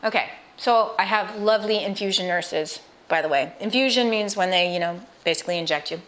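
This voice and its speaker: A middle-aged woman talking straight to the viewer in a personal vlog. Her delivery is earnest and emotional, full of restarts, asides and direct questions to the listener. Her voice sits at an ordinary pitch for a woman. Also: a little fast, a bit bright. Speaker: cancer patient sharing her experience. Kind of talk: personal vlog talk to camera.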